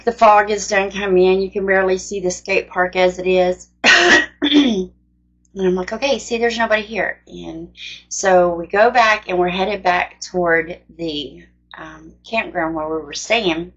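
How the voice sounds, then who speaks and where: A woman's voice: medium pitch, a little slow, a bit bright. A woman candidly retelling a frightening personal experience in a conversational testimony style. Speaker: faith storyteller. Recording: dull lo-fi sound.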